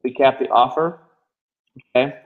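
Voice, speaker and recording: A male instructor rushes through a live online marketing lesson, checking in with his listeners every few phrases. His voice sits at an ordinary middle pitch. The recording is a little dull and lo-fi. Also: steady tone. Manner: fast-talking, constantly checking in with "okay?". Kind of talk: live online class teaching.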